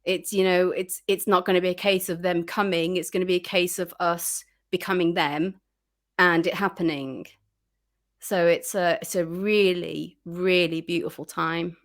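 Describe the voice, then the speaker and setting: A woman's voice: fairly low pitch, steady tone, moderate pace. A woman guest chatting casually in an interview, full of fillers and restarts, acting out her own reactions.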